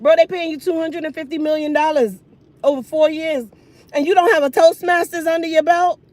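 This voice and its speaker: A woman in her thirties ranting casually while getting ready, sassy and animated, talking with food in her mouth. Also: high-pitched, fairly quick, no room sound. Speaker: hair care vlogger.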